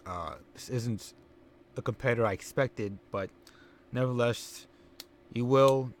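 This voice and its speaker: A man voicing a haughty male wrestler who mutters his disdain in a lowered voice. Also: a little slow, natural voice. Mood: disdainful. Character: haughty, snobbish male wrestler, sneering and dismissive.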